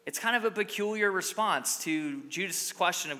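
A man's voice: high-pitched, normal speed, bright, forceful tone, in a large hall. A male pastor giving a sermon in a church, conversational and emphatic. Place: church sanctuary.

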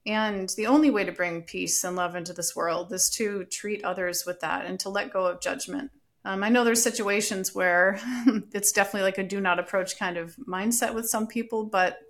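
A middle-aged woman telling a personal story in an earnest, reflective way as a podcast guest. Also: medium pitch.

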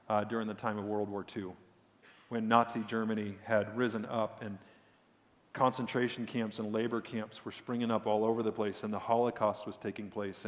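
A man preaching a sermon as a pastor, swinging between loud emphatic points and hushed, emotional storytelling. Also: medium pitch. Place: church sanctuary. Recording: long hall reverb.

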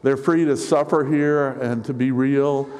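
Middle-aged guy preaching, earnest, telling personal stories, voice middle pitched, long echo in the hall. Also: steady tone, a little slow. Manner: earnest, personal storytelling with soft asides. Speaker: pastor. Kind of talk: sermon. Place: church sanctuary. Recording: reverberant hall.

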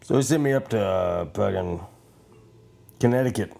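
A man's voice: fairly low pitch, normal speed, gravelly, dark tone. A man hosting a podcast, rambling casually in a profane, joking, self-mocking way at home. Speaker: podcast host.

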